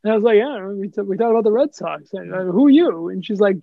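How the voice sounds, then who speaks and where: A man being interviewed as a guest, telling anecdotes in a casual, animated way and acting out the dialogue he quotes. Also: sits high, fast talker, creaky, dry recording, narrow, tinny audio. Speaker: guest, sports TV studio host. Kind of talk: casual podcast storytelling.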